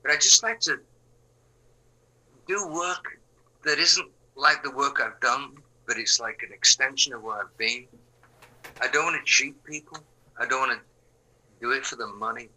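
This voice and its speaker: Hombre mayor de Inglaterra, voz muy brillante. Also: male voice, mid-range voice, moderate pace, pauses often, poor audio. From England. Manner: rambling, frequent fillers and restarts, drops to quiet asides. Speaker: musician guest. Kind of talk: relaxed interview chat.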